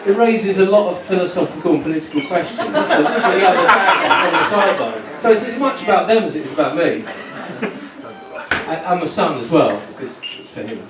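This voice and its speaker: A man in his forties with a high voice performs a rambling, self-mocking stand-up set, animated and brisk, stumbling and restarting as he goes. The live venue sounds roomy through a distant mic, with heavy background noise and loud crowd laughter.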